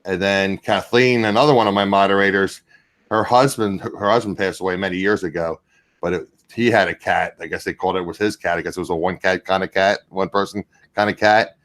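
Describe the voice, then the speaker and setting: Low-voiced chatty man hosting. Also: steady tone, brisk, fairly bright tone. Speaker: livestream host. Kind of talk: casual chat on a livestream.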